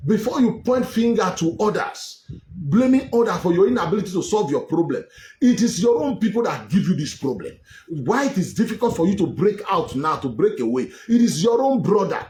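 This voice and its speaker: A man's voice: high voice, a little mellow. A Nigerian man hosting an online political show, scolding his listeners and repeating himself as he argues. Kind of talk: heated political commentary. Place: home in Europe. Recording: echoey room with faint ambience.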